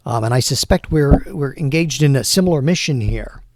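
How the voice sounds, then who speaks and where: A man voicing a charismatic, broad-shouldered caped hero who speaks calmly and persuasively. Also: mid-range voice, normal speed, dry recording, clean studio sound, natural voice.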